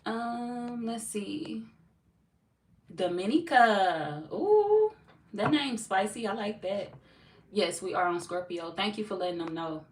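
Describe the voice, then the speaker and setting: A woman's voice: medium pitch, measured pace. A woman from Missouri hosting a tarot livestream, chatting casually with viewers. She is blunt and playful, swears freely and laughs often. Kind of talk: casual livestream chat reading viewer comments. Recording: echoey room, far from mic, noisy.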